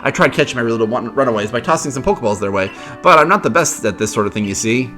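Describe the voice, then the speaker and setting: A man's voice: medium pitch, lively intonation, fast, pushed and bright, faint music behind. Brief: courteous game researcher, talkative and explaining, read by a man in his own voice. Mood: polite. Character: polite, chatty male researcher, adult.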